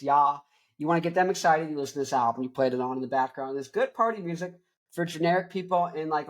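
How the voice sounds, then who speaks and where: A young man hosting a rock show, joking and rambling loudly, with crude asides. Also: fairly high pitch. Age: young adult. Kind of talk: rambling comedic music talk.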